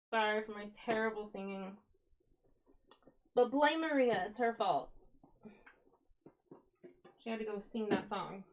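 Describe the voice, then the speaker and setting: A woman's voice: medium pitch, a little slow, long pauses, muffled recording. A woman hosting a casual live stream as a yarn dyer, chatty and upbeat, talking to her viewers as she works.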